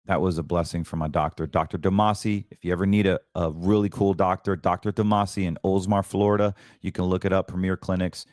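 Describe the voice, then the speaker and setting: A man with a very deep voice gives an earnest, preachy personal testimony, and he sinks into quieter tones as he gets emotional. He sounds middle-aged, and his voice is recorded close and dry, with no room sound. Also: little pitch movement, brisk, hardly any pauses, no room sound. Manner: earnest and preachy, voice drops low when emotional. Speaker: podcast host. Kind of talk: personal testimony in casual talk.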